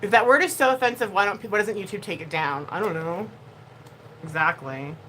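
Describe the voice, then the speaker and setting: A woman YouTuber talking casually to her camera in an animated, expressive way, moving between quiet asides and loud bursts. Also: mid-range voice, a little fast, slight background noise, low-quality recording.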